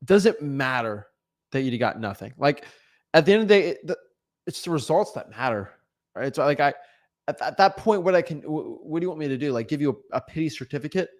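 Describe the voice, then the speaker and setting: A young man giving casual motivational advice as a real estate coach, animated, often repeating and restarting words. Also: on the high side, fairly quick. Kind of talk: casual motivational vlog talk.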